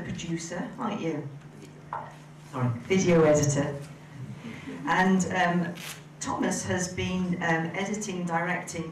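A hoarse woman who is losing her voice, hosting an event and casually introducing a speaker, correcting herself as she goes. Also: fairly low pitch, background noise. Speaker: event host. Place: large event hall. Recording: echoey hall from far off.

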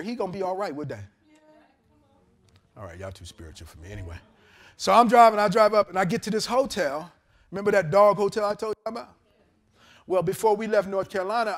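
High-pitched, animated preacher. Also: male voice. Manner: storytelling sermon with animated character voices and laughter. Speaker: pastor. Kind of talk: sermon. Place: church service in a hotel venue. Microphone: handheld or lapel mic.

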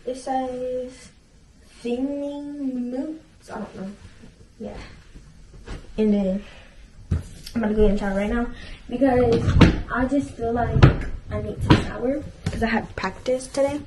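A woman's voice: on the high side, fairly even intonation, a little slow, warm tone, slight background noise, poor audio. A teenage girl vlogging at home in a casual, rambling way, full of fillers, sometimes venting. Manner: frustrated venting. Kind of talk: casual vlog chat. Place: home, bedroom and bathroom. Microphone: camera mic.

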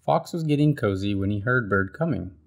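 A man reads a children's picture book aloud, slowly and expressively. His low voice is gravelly and husky, with lots of rise and fall in pitch. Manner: expressive, slow storybook reading. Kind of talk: read-aloud storytelling.

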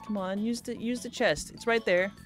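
A man giving let's-play commentary, excitable, gasping and talking to himself as he plays. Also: sits high, moderate pace, music in the background. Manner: excitable, gasps and talks to himself. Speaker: gaming YouTuber.

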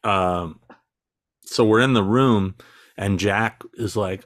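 A man's voice: on the low side, slow, dry recording. Dry-humored man telling stories. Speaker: podcast guest. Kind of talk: casual interview storytelling.

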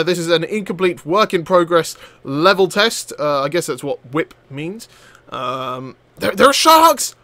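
A young man giving excitable, jokey commentary over a game, swearing and laughing as he plays. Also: sits high, no room sound. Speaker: gameplay commentator. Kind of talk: excited let's-play commentary.

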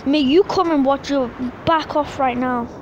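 A woman giving excitable, frustrated live commentary on her gameplay, often yelling at opponents. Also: high-pitched, a little slow, lo-fi sound, noisy background. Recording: voice over game music.

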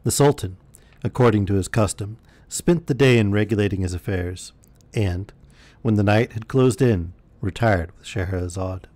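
Guy reading a bedtime story, calm and steady, low voice, dry close mic. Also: normal speed, dry recording. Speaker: storyteller streamer.

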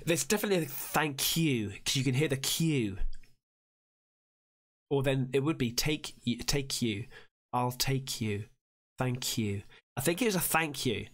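A man with an English accent, reacting to videos in casual, sweary commentary with loud outbursts and lots of slang. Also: medium pitch, lively intonation, moderate pace, pauses often. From England. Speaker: YouTube reaction host.

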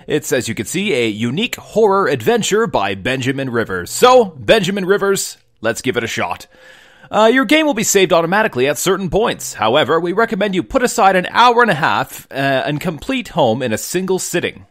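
A man's voice: a little high, very animated, brisk, fairly bright tone, dry recording, clean studio sound. Chatty man doing gameplay commentary. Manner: chatty, jokey, addresses viewers as folks. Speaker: game video host.

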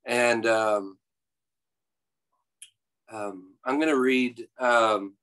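Slow-paced man reading his novel aloud. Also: on the low side, fairly bright tone, poor audio. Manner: halting, many fillers and restarts before reading. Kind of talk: live public reading. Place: public library event.

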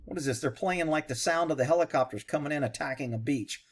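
A man's voice: mid-range voice, expressive, fast, hardly any pauses, over loud music. A man, a horse trainer, giving blunt, sarcastic reaction commentary over a video.

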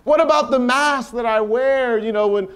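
A man's voice: very high voice, moderate pace, a bit bright, smooth. A man leading a Bible study at a retreat, preaching informally with rhetorical questions and playful asides.

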